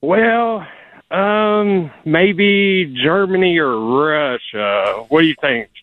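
Game show captain, male, slow, hesitant thinker, thin phone-like audio. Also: on the high side, lively intonation. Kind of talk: casual banter on a game show.

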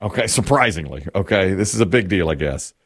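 Man, casual storyteller, gravelly, swooping intonation, plays out quoted lines. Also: deep voice, a little fast. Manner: animated anecdote teller, acts out quoted lines, laughs often. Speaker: co-host telling a story.

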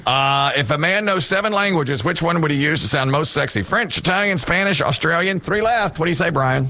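A man hosting a game show, reading questions with teasing, quick patter. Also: a little high, animated, pushed and bright, slight background noise.

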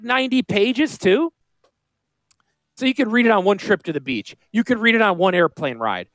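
A man with a northern US accent hosting a radio show, talking in a high-pitched voice, joking and rambling off on tangents. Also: dry recording. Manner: animated, joking, goes off on tangents. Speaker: radio show host and financial planner.

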